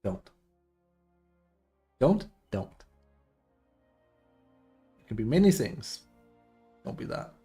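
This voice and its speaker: A man's voice: medium pitch, big pitch swings, extremely slow, pauses often, mellow, faint music behind. A man streaming a game, ranting bluntly and with plenty of swearing in a casual, exasperated way. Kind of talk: casual live-stream rant.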